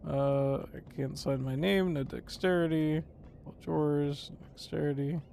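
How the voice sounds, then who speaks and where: A man's voice: on the high side, steady tone, a little slow, vocal fry, mellow, a little hiss or hum. A man live-streaming a video game, reading its text aloud with playful, goofy commentary. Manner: playful and goofy, laughs and swears.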